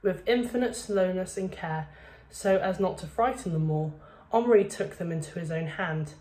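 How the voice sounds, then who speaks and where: A woman's voice: lowish voice, moderate pace, mellow. A woman, a primary school teacher reading a children's novel aloud to her class.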